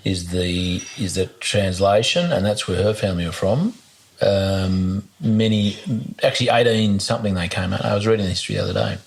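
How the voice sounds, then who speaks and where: A man's voice: deep voice, fairly quick. A man hosting an interview, enthusiastic and often stumbling over his words. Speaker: podcast host. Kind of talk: casual interview conversation.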